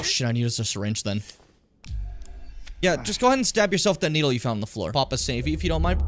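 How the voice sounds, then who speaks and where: A man streaming a video game in casual commentary, excitable, swearing and shouting at enemies. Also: mid-range voice, fast talker, pauses often, noisy background. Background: game music.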